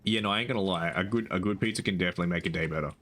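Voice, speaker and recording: A man's voice: low voice, very fast, a bit bright. A young man streaming live, chatting casually and rambling with frequent restarts and casual swearing.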